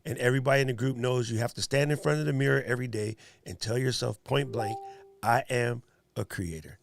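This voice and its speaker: Gravelly joking man from New York. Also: mid-range voice, quick pace. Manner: animated, joking, talks to viewers and chat. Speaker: livestream host. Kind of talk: casual livestream chat.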